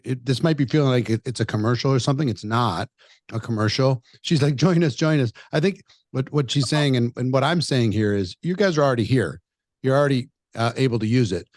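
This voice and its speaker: A man's voice: medium pitch, darkish tone, dry recording, clean studio sound. A man giving a business training talk, direct and instructive, often restarting mid-sentence.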